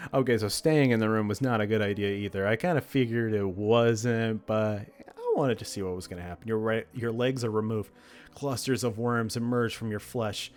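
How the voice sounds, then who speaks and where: A man's voice: mid-range voice, fairly even intonation, normal speed, faint music behind. A man reading a text horror game aloud, with dramatic narration broken by laughs and reactions. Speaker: game streamer.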